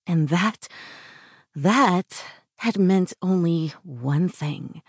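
A woman narrating a first-person audiobook in a slow, measured way, sometimes dropping into a hushed whisper. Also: lowish voice, expressive, husky, dry recording, studio quality.

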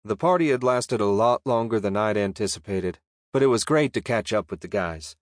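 A man reading a first-person audiobook narration in a steady, measured way. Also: lowish voice, no room sound, clean studio sound.

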